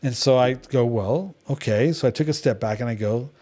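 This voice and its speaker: A man's voice: medium pitch, moderate pace, mellow. A middle-aged man leading a devotional gathering in casual talk, telling stories bluntly with many restarts. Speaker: devotional group leader.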